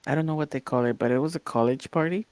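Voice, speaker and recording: A young woman co-hosting a podcast, telling stories in a lively, animated way and acting out the voices of the people in them. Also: deep voice, fast, dry recording. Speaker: podcast co-host. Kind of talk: casual chat, storytelling.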